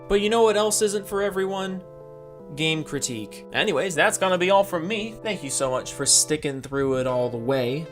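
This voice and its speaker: A man's voice: on the high side, fairly bright tone. A man giving exasperated, sarcastic commentary in a response video, with faint music behind him. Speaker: YouTube commentator.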